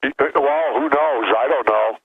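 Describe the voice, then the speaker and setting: A man's voice: mid-range voice, moderate pace, gravelly, husky. A male guest calling in to a radio interview over the telephone, speaking in a blunt, plainspoken way. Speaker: guest, former politician. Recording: dull phone line with interference.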